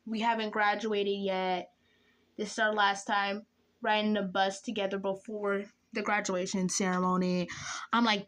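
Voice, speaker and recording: Animated young woman telling a story. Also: moderate pace. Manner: dramatic, animated storytelling with whispered asides and sudden high squeals. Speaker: vlogger. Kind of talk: casual storytelling while doing makeup.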